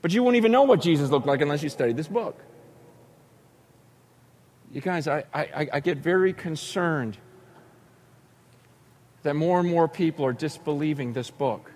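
A man preaching a sermon, telling stories with acted-out voices and sudden shouts. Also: on the high side, expressive, normal speed, long pauses. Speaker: pastor.

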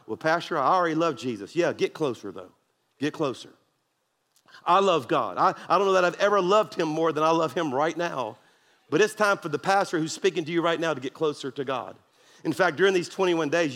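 A male pastor delivers an emphatic sermon, urging the congregation to answer him back. His voice sits high for a man. The sound rings with the long reverb of a large church hall. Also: fairly bright tone. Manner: preachy, emphatic, call-and-response to congregation.

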